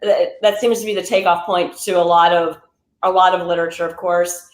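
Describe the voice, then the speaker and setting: A woman's voice: fairly low pitch, fairly even intonation, a little fast. A woman guest on a podcast, a bookseller, talking thoughtfully about a book with lots of "kind of" and "like". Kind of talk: casual book discussion. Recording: roomy echo.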